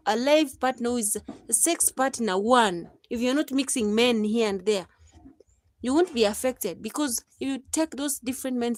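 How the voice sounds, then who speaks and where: A woman's voice: fairly high pitch, dry recording, studio quality. A Kenyan woman in her thirties chatting casually on her live stream, laughing often and slipping into preachy advice.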